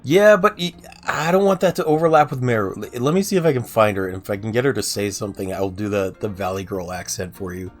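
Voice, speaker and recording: A man's voice: lowish voice, fast, hardly any pauses, faint music behind. A man casually chatting on a game livestream, self-deprecating and answering viewers' chat. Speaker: game streamer.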